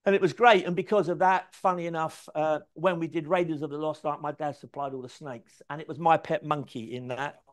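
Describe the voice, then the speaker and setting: Lively man spinning anecdotes. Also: a little high, brisk, hardly any pauses. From London, England. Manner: lively, swears freely, acts out dialogue. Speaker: speaker telling career stories. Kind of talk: anecdotal storytelling talk.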